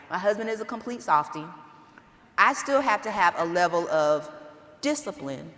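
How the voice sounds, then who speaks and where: A woman's voice: on the low side, a bit bright. A woman speaking on a conference panel, candid and earnest, acting out bits of family dialogue. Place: conference hall. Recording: echoey hall, faint noise.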